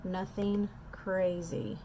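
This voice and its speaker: A woman's voice: mid-range voice, little pitch movement, drawn-out words, warm tone, a little hiss or hum. Chatty woman doing makeup. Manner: chatty, self-deprecating, talks straight to viewers. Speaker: makeup artist. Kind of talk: casual makeup tutorial chat. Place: home.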